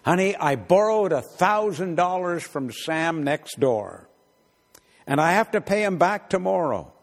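A man's voice: high-pitched, very animated, a little slow, creaky, voice pushed up, full character voice. A man voicing a worried husband who fretfully explains a debt, in a reverberant hall. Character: worried husband pacing at night.

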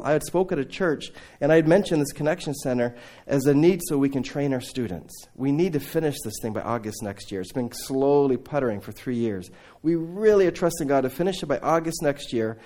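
A man preaching a sermon to a congregation, telling Bible stories in a lively way, acting out the dialogue and turning to his listeners with asides. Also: medium pitch. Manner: animated storytelling, acting out biblical dialogue. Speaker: preacher raising funds for a mission training center.

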